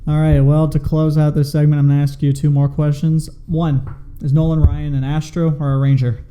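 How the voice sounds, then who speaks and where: A man's voice: on the high side, level tone, brisk, dark tone. A man hosting a casual podcast interview, asking questions with a joking, swearing tone. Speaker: podcast host.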